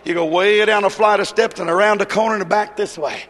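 Fervent preacher with a high voice. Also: male voice, steady tone, a little fast. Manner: fervent, rhythmic, rising to shouts. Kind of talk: sermon. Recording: long reverb of a large hall.

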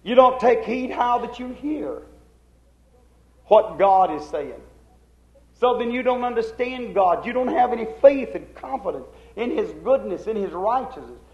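A man preaching a fervent sermon, moving between soft passages and emphatic outbursts. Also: very high voice, animated, measured pace. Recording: echoey dull old recording.

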